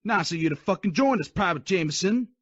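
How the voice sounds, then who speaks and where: A man's voice: on the high side, very animated, normal speed, fairly bright tone, breathy edge, no room sound, pitched above the performer's own voice, full character voice. A man voicing a harsh army drill sergeant who barks profane insults and taunts. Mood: bellowing. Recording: dull dry lo-fi recording.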